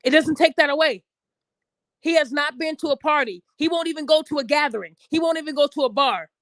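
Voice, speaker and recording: A woman's voice: sits high, a little fast, fairly bright tone, dry recording. A woman podcast host delivering a heated, profane opinion rant straight at her listeners. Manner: addresses listeners directly.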